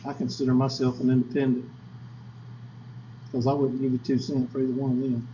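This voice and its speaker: A man's voice: mid-range voice, monotone, fairly quick, warm tone, muffled recording, slight background noise. Chatty man lecturing in an echoey classroom. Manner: folksy, chatty asides and quizzing the class. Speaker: statistics teacher.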